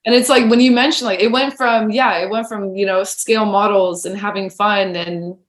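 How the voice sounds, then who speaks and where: Animated chatty woman in an echoey room. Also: medium pitch, moderate pace. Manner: animated, chatty, acts out quoted remarks. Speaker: podcast guest. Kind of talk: casual storytelling chat.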